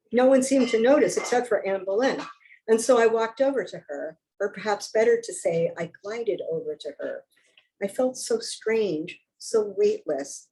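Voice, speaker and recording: A woman reads her own story aloud at a live reading, narrating in a wry, expressive first person. Her voice sits at a middling pitch. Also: low-quality recording. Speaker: author reading her fiction.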